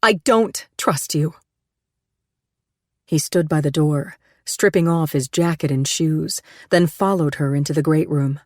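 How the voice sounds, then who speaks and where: A woman reading an audiobook thriller in steady, measured scripted narration. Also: sits low, no echo, clean studio sound.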